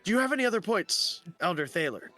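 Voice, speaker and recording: A man's voice: high-pitched, big pitch swings, quick pace, bright, forceful tone, soft background music, voice pushed up, heavily acted. A man voicing a stiff, formal male leader who speaks of himself in the third person. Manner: formal, stilted.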